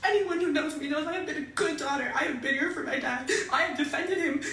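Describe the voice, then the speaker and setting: Tearful young woman rambling w nervous laughs, high voice, far off in a roomy room. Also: fast talker, fairly bright tone. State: tearful, laughing through tears. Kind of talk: emotional livestream confession. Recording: distant roomy phone livestream.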